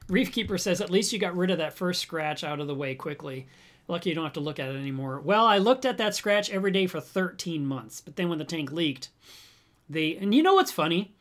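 A man hosting a reef aquarium channel, chatting casually with viewers and telling stories in an animated way, with frequent restarts and chuckles. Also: on the high side, fairly quick. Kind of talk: casual live chat answering viewer comments.

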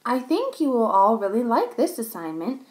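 A woman's voice: a little high, sing-song, moderate pace. A woman voicing a patient, firm female schoolteacher in a children's story read aloud. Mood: instructive.

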